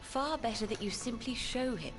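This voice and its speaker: A woman voicing a wise older woman who gives measured, gentle counsel in a game cutscene. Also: on the high side, animated. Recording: game audio with music behind.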